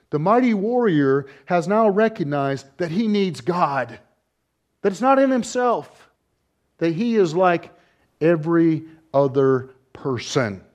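A man preaching a sermon, swinging from hushed, low passages to loud, high cries and asking his listeners rhetorical questions.

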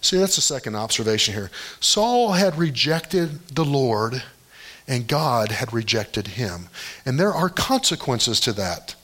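Male pastor, sermon, conversational storytelling, voice climbing high for emphasis. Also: very animated, unhurried, fairly bright tone.

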